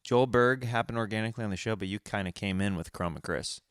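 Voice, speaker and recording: Friendly low-voiced male podcast host. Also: fast talker, clean tone, dry recording, studio quality. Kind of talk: casual interview chat.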